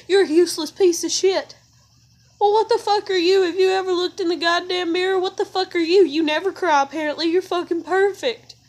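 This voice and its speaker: A woman's voice: very high voice, fairly bright tone. A young mother crying and venting alone at home, tearful and swearing in an emotional vlog rant. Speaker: mother vlogging.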